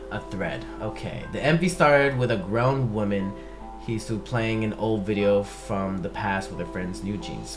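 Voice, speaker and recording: A man reacting to a music video, with excited outbursts and halting reading of a fan theory aloud. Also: fairly low pitch. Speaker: YouTube reactor. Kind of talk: casual reaction commentary. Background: music video playing clearly.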